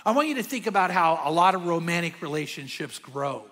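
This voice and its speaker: Male pastor, high bright voice, lively sermon delivery, big hall reverb. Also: brisk. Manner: energetic, conversational preaching with sudden drops to a hush.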